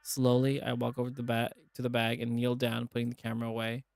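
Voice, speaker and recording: A man's voice: medium pitch, fast talker, creaky. A man streaming as he reads a visual novel aloud and voices its characters in a dramatic way. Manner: dramatic reading, animated asides.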